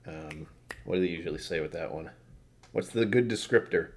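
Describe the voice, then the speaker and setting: Sleepy guy rambling about whisky smells, kinda low voice, swears a bit. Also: normal speed, a little mellow. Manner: rambling, self-deprecating, swears casually. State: tired from poor sleep. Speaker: whisky reviewer. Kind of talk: casual tasting notes to camera.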